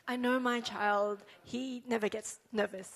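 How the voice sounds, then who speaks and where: A woman interpreting a sermon into English line by line, halting, with many fillers and self-corrections. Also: fairly high pitch, fairly even intonation.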